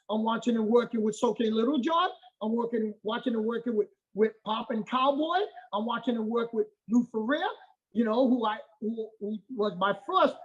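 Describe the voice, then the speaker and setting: A middle-aged man with a husky, slightly breathy voice speaks as a martial arts master in a casual interview. He drives his points home with repetition and keeps asking "okay?" to check that he is followed. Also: very high-pitched, highs cut off.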